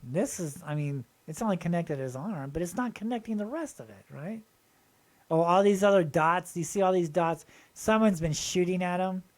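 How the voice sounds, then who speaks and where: A man hosting his own channel, talking excitedly and rambling as he shows viewers pictures, often asking them to look and agree. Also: sits high, normal speed. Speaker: channel host. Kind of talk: casual show-and-tell video.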